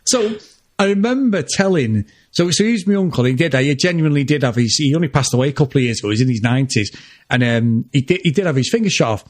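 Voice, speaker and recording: A man's voice: mid-range voice, animated, quick pace. A man co-hosting a podcast, telling a family story in casual chat, laughing often and swearing freely. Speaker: podcast co-host.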